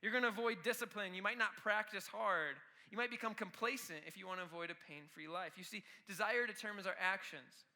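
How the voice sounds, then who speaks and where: A man's voice: sits high, fast talker, hardly any pauses, sharp tone. A man preaching a youth sermon with energy, talking straight to the students. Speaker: youth pastor.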